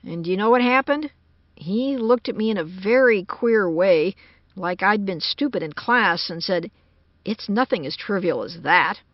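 A woman's voice: mid-range voice, lively intonation, measured pace, no echo, natural voice. An anxious engineer man talks with urgent unease, as a woman narrator puts him on. The storybook recording is dry and dull, like an old lo-fi tape. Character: worried American man, a computer engineer.

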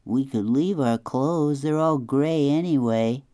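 A woman's voice: a bass voice, slow pace, dark tone, no echo, clean studio sound, voice pushed up. A woman voicing a practical young boy with a matter-of-fact, teasing way of talking.

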